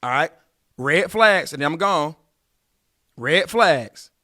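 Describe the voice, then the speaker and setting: His slightly high voice moves slowly as he gives dating advice on his podcast. The late-30s host is animated and preachy, keeping it casual while speaking straight to his audience.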